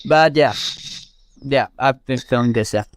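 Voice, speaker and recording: A man's voice: mid-range voice, a little slow, no room sound. Give me a Mexican-born man whose first language is Spanish, chatting as a guest in a dry, close sound. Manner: chatty storyteller, many fillers and restarts. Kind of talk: casual chat.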